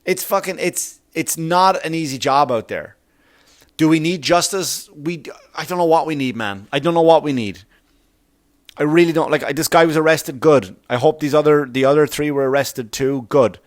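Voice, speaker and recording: A man's voice: fairly high pitch, moderate pace. A man hosting a solo comedy podcast, rambling and swearing, and getting heated as he goes. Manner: rambling, profane, gets heated. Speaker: podcast host.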